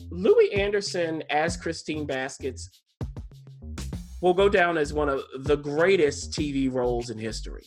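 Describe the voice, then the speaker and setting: A man's voice: a little high, expressive, a little slow, a little mellow, faint music behind. A man co-hosting a podcast, chatting enthusiastically through a TV show review with plenty of restarts and asides. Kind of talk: casual TV review chat.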